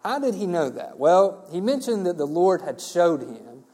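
A man's voice: high-pitched, very animated, normal speed, dark tone. A man preaching verse by verse through a Bible passage in a conversational way, often checking in with the listeners. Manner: conversational, asks rhetorical "right?" checks.

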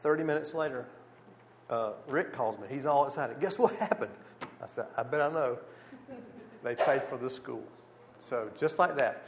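Brief: man at mid pitch presenting a church mission slideshow, animated storyteller voicing other people, faint noise behind. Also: moderate pace, long pauses. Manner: lively storyteller, acts out dialogue, exclaims "whew". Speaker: missionary speaker.

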